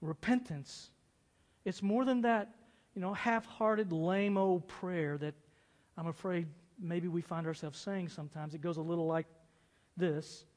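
A man preaching a sermon with a fairly high voice, swinging between hushed asides and loud dramatic build-ups. His voice carries a long reverb, as if he were in a large hall. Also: a little slow.

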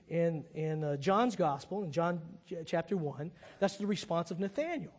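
A man's voice: sits high, fairly quick, few pauses, a little mellow. A man, a pastor, gives a thoughtful, conversational sermon in a large reverberant room.

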